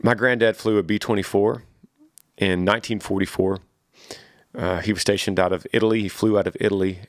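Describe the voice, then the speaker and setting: Earnest low-voiced man preaching on a podcast. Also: a bit bright, dry recording, clean studio sound. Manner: earnest, preachy, repeats words while thinking. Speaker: podcast host answering listener questions. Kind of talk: casual faith-based podcast talk.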